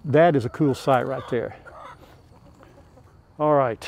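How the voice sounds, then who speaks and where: A little mellow and mid-range, his voice moves at a measured pace with long pauses. He's an older man making a farm vlog, chatting folksily to his chickens and viewers outdoors near a pen on a lapel mic.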